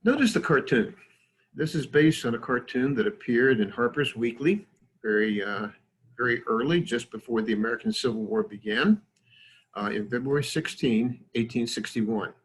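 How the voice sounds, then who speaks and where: A man's voice: mid-range voice, animated, normal speed, a little hiss or hum. A man giving a conversational lecture with slides, digressive, with many fillers and self-deprecating asides.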